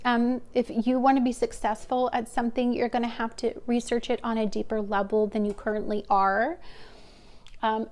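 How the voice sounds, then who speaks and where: A woman's voice: on the high side, a little mellow. A woman giving a pick-a-card tarot reading to her viewers, talking in a hesitant, searching, heartfelt way. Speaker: tarot reader.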